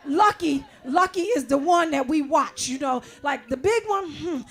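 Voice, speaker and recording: A woman in her forties doing a brash, conversational stand-up comedy set, often shouting the punchlines. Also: sits high, normal speed.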